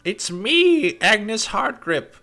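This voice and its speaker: A man's voice: sits high, sing-song, extremely slow, vocal fry, pushed and bright, faint music behind, voice pushed up, full character voice. A man voicing a short, fussy old dwarf woman who fusses over her cats. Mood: cheerful.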